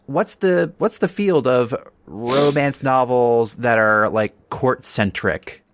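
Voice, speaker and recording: A man co-hosting a comedic podcast at an easy middle pitch. He is wry and plays along with mock legal jokes, steering the talk to the next question. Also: slow, a bit bright, dry recording. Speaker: podcast co-host. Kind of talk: casual comedic chat.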